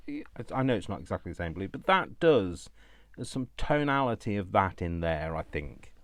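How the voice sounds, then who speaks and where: Fast-talking, deep-voiced man. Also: expressive, no room sound. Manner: talks fast and loud, chatty self-talk; talks to himself by name. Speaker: crafting channel host. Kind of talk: casual chat while crafting.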